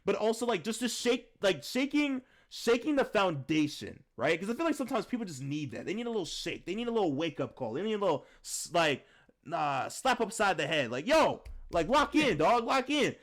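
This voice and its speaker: A young man co-hosting a film review chat, rambling and slangy, saying "like" constantly and getting excitable. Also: high-pitched, a little fast. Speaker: podcast co-host reviewing a film. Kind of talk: casual chat.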